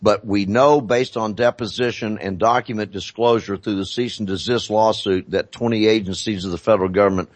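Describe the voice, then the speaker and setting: A man speaking as a talk show guest, explaining deliberately and repeating phrases for emphasis. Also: on the low side, no room sound.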